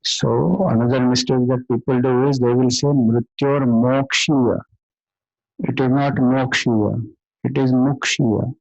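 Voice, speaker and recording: A man with an Indian English accent teaching the correct chanting of a Vedic mantra, chanting slowly and stopping to correct pronunciation. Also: medium pitch, level tone, a little mellow, no echo, dull audio. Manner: slow, measured chanting with corrections. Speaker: Vedanta teacher.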